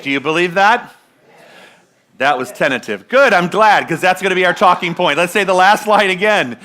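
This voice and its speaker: Bright-voiced woman minister preaching. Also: on the low side, expressive, normal speed. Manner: conversational, asks the congregation questions and leads recitations. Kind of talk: Sunday sermon. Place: church sanctuary.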